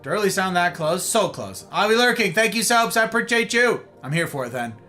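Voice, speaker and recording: Chatty guy streaming a game, high bright voice bouncing all over. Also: big pitch swings, brisk, faint music behind. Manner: playful, chatty, greets chat. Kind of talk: live gameplay commentary.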